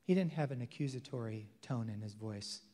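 A male pastor preaching a sermon with emphasis, swinging between loud declarations and hushed, intimate passages. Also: medium pitch, fairly quick. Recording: long hall reverb.

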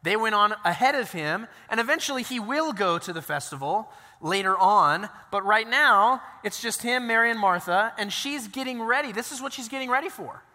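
A man preaching a sermon as pastor, telling the story in a conversational, animated way with casual asides. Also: high-pitched, moderate pace, in a large hall.

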